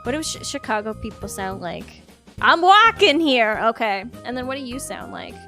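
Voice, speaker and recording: A woman's voice: a little high, expressive, brisk, fairly bright tone, soft background music. A woman streamer chatting casually and giggling with viewers.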